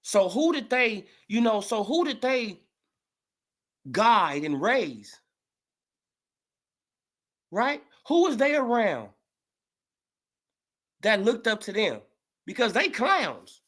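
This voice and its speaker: A woman's voice: on the high side, slow pace, long pauses. A woman ranting heatedly in a sports commentary vlog, swearing freely and calling people out. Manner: profane, heated, animated.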